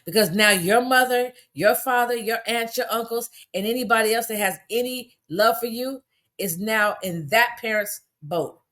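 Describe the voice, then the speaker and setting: A woman's voice: a little high, moderate pace, a bit bright. Furious, profane woman ranting on a livestream. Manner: angry, profane, rhetorical questions. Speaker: commentator. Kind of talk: angry livestream rant. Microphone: phone.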